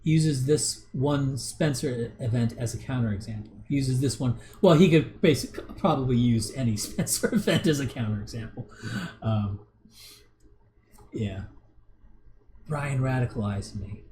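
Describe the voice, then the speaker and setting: A man's voice: mid-range voice, a little slow, mellow, a little hiss or hum. A man in his thirties hosting a casual livestream, reading viewer comments and rambling with many restarts and chuckles. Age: 30s. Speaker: livestream host.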